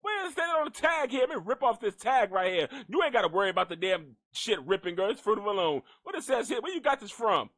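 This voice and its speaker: A man putting on a high, jeering teenage schoolmate who mocks a classmate's cheap dress, pitched way up and full of loud disbelief, swinging wildly as he taunts. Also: sing-song, fast, hardly any pauses, no room sound, studio quality, full character voice. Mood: taunting. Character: mocking teenage schoolmate teasing a girl's dress.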